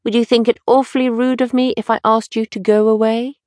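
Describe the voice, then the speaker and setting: A woman's voice: on the high side, level tone, fairly quick, darkish tone, no echo, studio quality, voice pushed up, close to an everyday voice. A woman voicing an earnest, slightly fretful male painter in an audiobook.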